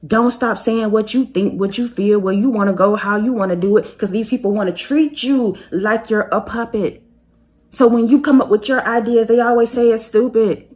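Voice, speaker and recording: A woman's voice: a little high, fairly even intonation, moderate pace, a little mellow. A woman speaking passionately to her viewers, repeating her points and urging them directly. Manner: fervent and repetitive, urging listeners directly. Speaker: spiritual reader. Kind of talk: passionate motivational address to viewers.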